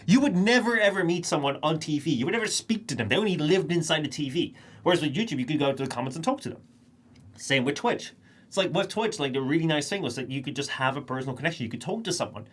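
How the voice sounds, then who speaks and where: A man's voice: fairly high pitch, animated, fast talker, fairly bright tone, husky. A young man streaming live, talking casually to his chat in a rambling, think-aloud monologue.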